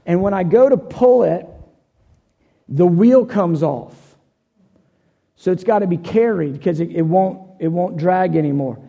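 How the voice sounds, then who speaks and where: A man's voice: sits high, unhurried, gravelly, pauses often, dark tone, long reverb tail, muffled recording. A man preaching a sermon, telling a personal story in an earnest way, often repeating and restarting phrases.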